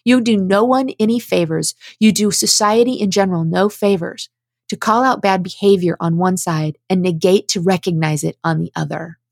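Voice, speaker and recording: A woman's voice: lowish voice, normal speed, vocal fry, a little mellow, dry recording. Earnest preachy woman, dry close sound. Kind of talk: impassioned spoken commentary, reading prepared statements.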